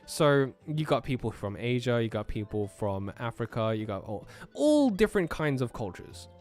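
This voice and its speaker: A man with an American accent, raised in Australia, chats casually on a live stream, reading out questions from the chat. His medium-pitched voice is very animated, a little mellow and moderately paced, with soft music in the background. He's easygoing, laughs often and trails off with fillers.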